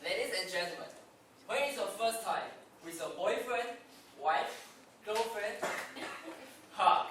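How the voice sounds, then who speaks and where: High, lively man in echoey hall. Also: recorded from a distance, background noise. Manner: laughs through his own jokes. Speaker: club speaker. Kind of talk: humorous prepared speech.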